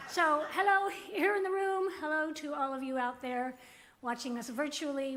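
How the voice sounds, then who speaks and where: High-voiced upbeat woman giving church news. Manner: upbeat and joking. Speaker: announcements presenter at a spiritual center. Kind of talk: casual church announcements.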